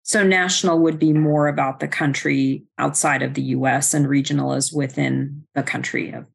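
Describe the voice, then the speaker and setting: A woman's voice: deep voice, fairly even intonation, normal speed, creaky, slightly rough. A woman hosting a professional podcast, asking her guest organized, inquisitive questions. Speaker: podcast host. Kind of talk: podcast interview.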